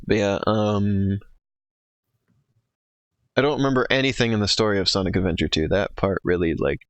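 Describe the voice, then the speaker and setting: Casting: lower-voiced American man, laughy chatty streamer, dry close sound. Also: moderate pace, no room sound. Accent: general American. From United States. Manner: chatty, lots of "like", laughs often. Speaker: streamer co-host. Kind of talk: casual chat over a game stream.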